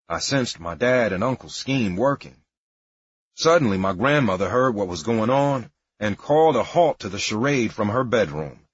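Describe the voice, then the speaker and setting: A man's voice: lowish voice, husky, dry recording. A man narrating a memoir in a wry, matter-of-fact storytelling manner. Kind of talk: memoir audiobook reading. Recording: dry, dull lo-fi recording.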